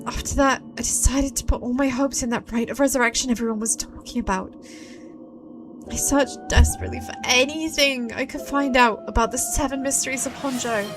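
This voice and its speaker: Grieving young hairdresser in a video game, voiced by a female streamer; soft, subdued, high-pitched. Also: steady tone, a little fast, music in the background, lightly acted. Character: grieving young woman hairdresser recalling her past.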